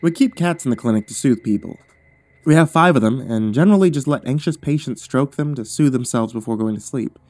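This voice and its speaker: This clean, echo-free clip has a man telling a first-person horror story aloud. He stays quiet and deliberate, lowering his voice for the scary moments.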